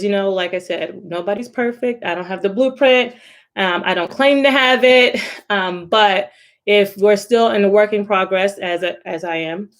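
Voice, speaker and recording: A woman speaking casually and encouragingly about stress management, with lots of conversational fillers. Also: medium pitch. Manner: encouraging, conversational, many "you know" fillers. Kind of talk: informal self-help talk.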